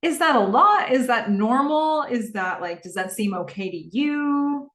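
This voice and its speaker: A woman's voice: a little high, expressive, measured pace, fairly bright tone, reverberant, far from the mic, pitched above the performer's own voice. A woman voicing a worried wife asking careful questions. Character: Donna, a worried wife probing gently.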